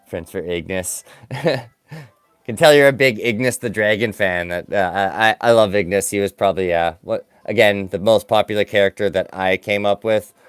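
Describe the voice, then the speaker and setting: A man with a very low, clear, smooth voice, recorded dry and close. He rambles casually through a live stream from his home workbench. His hands stay busy with clay, and he keeps making self-deprecating asides. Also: normal speed, no echo, soft background music. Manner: rambling, self-deprecating, distracted by the work at hand. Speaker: stop-motion animator streaming live. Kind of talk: casual live-stream chat while crafting.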